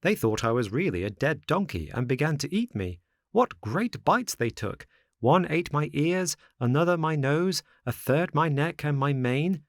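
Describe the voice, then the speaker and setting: Guy doing a cheeky wooden puppet kid, high and bouncy, sing-song teasing, dry sound. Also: sing-song, a little slow, no room sound. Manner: playful, mocking, sing-song. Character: cheeky wooden puppet boy, impish and boastful.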